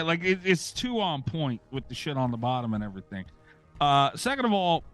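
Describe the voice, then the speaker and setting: Sarcastic swearing male podcast host. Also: on the high side. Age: middle-aged. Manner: sarcastic, swears freely, rants. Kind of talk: casual podcast chat.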